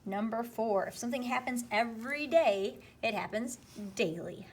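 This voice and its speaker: A woman teacher slowly and patiently walking students through a spelling worksheet, step by step. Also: on the high side, breathy edge. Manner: slow, patient, explaining step by step. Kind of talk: spelling lesson walkthrough.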